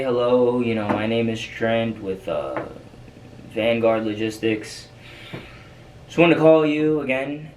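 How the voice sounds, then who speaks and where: Male trainer, casual rambling delivery, mid pitch, recorded off-mic with light background noise. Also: distant mic, rough recording. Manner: loose and chatty, many fillers and repeats. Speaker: freight broker trainer. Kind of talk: casual coaching monologue.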